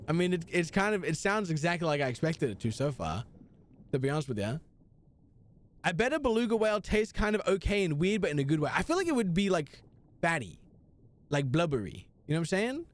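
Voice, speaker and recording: A man's voice: fairly high pitch, big pitch swings, fairly quick. A young man live-streaming a video game, chatting casually and answering his chat with slang.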